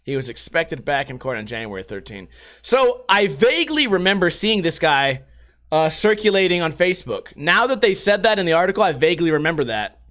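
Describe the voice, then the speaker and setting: On his relaxed solo podcast, a young U.S. host spins stories full of swearing and laughter. He talks fairly fast, with a somewhat high, sing-song and bright voice.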